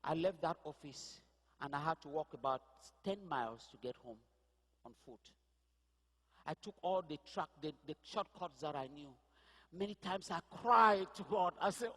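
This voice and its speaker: A man's voice: fairly high pitch, normal speed, a bit bright. Man preaching a testimony in a ringing hall. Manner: storytelling, rising to impassioned cries. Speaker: pastor. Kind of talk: sermon testimony. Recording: echoey hall reverb.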